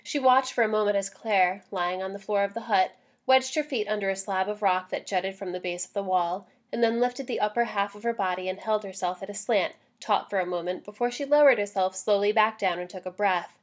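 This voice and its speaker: A woman reading a novel aloud in a measured storytelling manner. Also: mid-range voice. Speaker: story reader.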